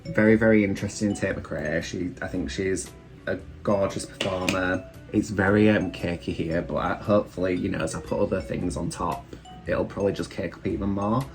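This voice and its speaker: A man's voice: deep voice, fairly even intonation, normal speed. A British man, a drag queen, chatting casually and self-deprecatingly while doing his makeup at home. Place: room at home. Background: faint background music.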